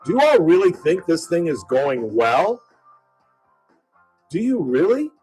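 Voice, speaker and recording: A man's voice: fairly high pitch, big pitch swings, a little slow, darkish tone, faint music behind, poor audio. A male talk radio host speaking from a studio, delivering a combative opinion monologue full of rhetorical questions. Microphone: studio microphone.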